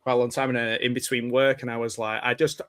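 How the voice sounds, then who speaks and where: A man's voice: medium pitch, flat delivery, fast talker, smooth, no room sound. A man hosting an interview show, wrapping up casually with many ums and restarts. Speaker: host of the channel.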